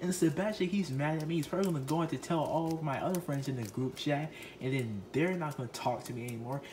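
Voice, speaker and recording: A shrill, panicky puppet boy, acted by a man, who yells and protests, his voice sitting well above the performer's own. He swears crudely and sounds defensive in a comedy puppet skit. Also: fast talker, slight background noise, close to an everyday voice. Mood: indignant.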